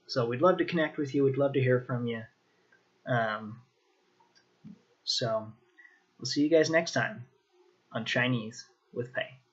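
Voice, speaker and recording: A man teaching a casual video lesson takes his time, speaking slowly and filling pauses with ums and restarts. His voice sits at an average pitch, and the recording sounds a little dull and lo-fi. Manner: relaxed, lots of ums and restarts. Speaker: language teacher.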